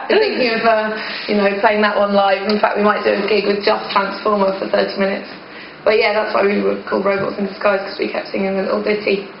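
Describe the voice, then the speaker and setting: Gravelly woman on a noisy old tape. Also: mid-range voice, flat delivery, quick pace, few pauses. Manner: laughing, joking, trailing off. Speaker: band member interviewed. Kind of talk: casual chat. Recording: muffled, noisy, echoey old recording.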